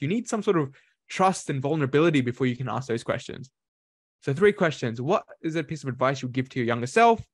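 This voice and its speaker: A man giving an energetic motivational talk to an audience on networking, changing his voice for emphasis. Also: mid-range voice, no echo, studio quality. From Australia. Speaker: workshop speaker.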